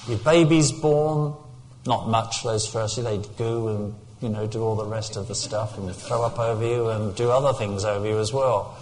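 A man's voice: lowish voice, steady tone, normal speed, darkish tone, slight background noise. An older man from England preaching a sermon, telling personal stories and rising to fervent peaks.

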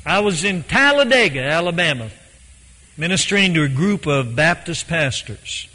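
A man preaching a sermon in an earnest, emphatic way, slowing down to stress key points. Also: on the high side, pushed and bright. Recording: long hall reverb.

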